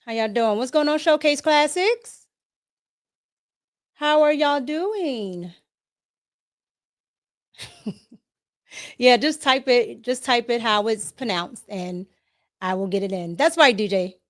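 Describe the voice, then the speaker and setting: A woman's voice: a little high, animated, takes it slowly, long pauses. A woman with a Washington D.C. accent hosting a live podcast, chatting casually, greeting viewers by name and laughing often. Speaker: podcast host. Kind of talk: casual livestream chat.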